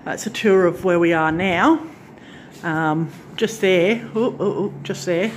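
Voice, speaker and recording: On the low side and taking her time, this woman speaks over slight background noise. She's a craft channel vlogger showing off her farm lodge unit, both indoors and on the back porch, on a handheld phone in a chatty, rambling, self-correcting way.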